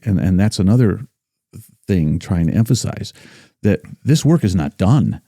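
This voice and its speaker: Podcast guest, male battlefield guide; emphatic, builds force when reciting; dark voice, dry sound. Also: sits low, lively intonation, normal speed, dry recording. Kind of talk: casual podcast discussion.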